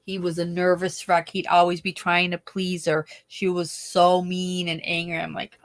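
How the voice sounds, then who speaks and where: Woman gabbing on a livestream, lively, laughs a lot, drops soft sometimes. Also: normal speed, hardly any pauses. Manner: chatty, animated, laughs often, trails off into sad lows. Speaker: livestream host. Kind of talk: casual livestream chat.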